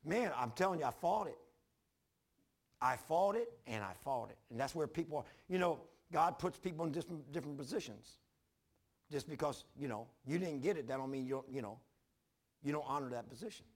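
An older man preaching a sermon, telling his own story in a folksy, repetitive way with sudden loud bursts. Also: a little high, lively intonation, a little fast. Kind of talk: sermon with personal testimony.

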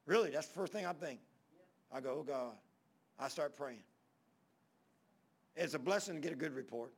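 Male preacher, high gravelly voice, folksy storyteller who acts out dialogue. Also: animated, moderate pace. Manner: folksy, rambling Southern preacher talk with quoted dialogue. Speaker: pastor. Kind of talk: storytelling sermon.

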